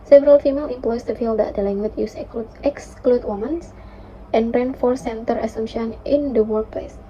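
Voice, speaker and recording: A young woman, a university student, reading a class presentation with careful, steady delivery and occasional fillers. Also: fairly high pitch, moderate pace. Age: young adult. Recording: dull lo-fi recording.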